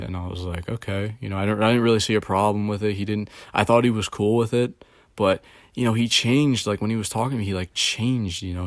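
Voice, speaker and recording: A man's voice: on the low side, no room sound, studio quality. A man vlogging in a rambling, casual rant, swearing often and sounding confused and exasperated. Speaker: video blogger.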